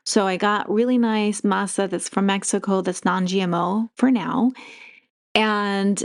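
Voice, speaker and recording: A woman's voice: medium pitch, normal speed. Chatty woman hosting a spiritual talk. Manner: chatty, meandering, with frequent laughs; animated and expressive when retelling stories. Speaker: podcast host. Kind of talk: casual spiritual monologue.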